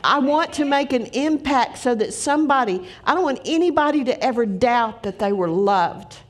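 Middle-aged female preacher, earnest storytelling sermon voice, slightly high. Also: lively intonation, moderate pace.

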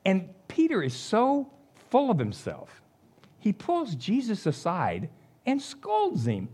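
A middle-aged man, preaching a sermon as an animated storyteller who chuckles along. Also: sits high, slow, breathy edge.

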